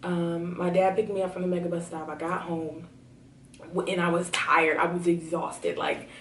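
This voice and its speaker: A young woman telling a personal story to her camera at home, chatty with many fillers and excitement. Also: fairly low pitch, moderate pace, slight background noise. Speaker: vlogger. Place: home room. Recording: roomy, slightly distant camera audio.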